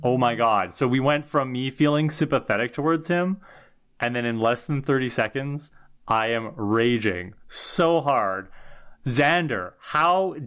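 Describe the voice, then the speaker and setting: A man co-hosting a podcast, walking through a TV episode's plot in casual chat, earnest and quick to get indignant. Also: medium pitch, fairly bright tone, smooth. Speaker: podcast co-host.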